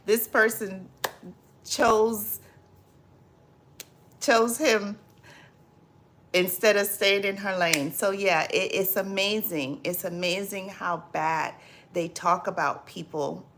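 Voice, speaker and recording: A woman hosting a livestream, chatting casually and reading out viewer comments, unhurried, trailing off with ums and repeated phrases. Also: mid-range voice, a bit bright, slight background noise.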